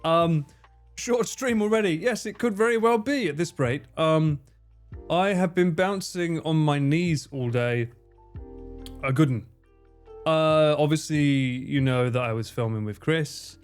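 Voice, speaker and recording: A man's voice: a little high, a little slow, clear, resonant tone, faint music behind. A man hosting a casual livestream, reading viewer messages with lots of swearing and self-mocking jokes. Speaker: livestream host.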